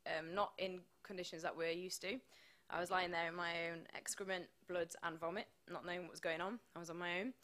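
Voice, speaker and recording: A woman's voice: medium pitch, fairly bright tone. A British woman with a British accent giving a candid personal testimony at a summit, wry and laughing between grim details. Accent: British English. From Britain. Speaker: speaker at a summit.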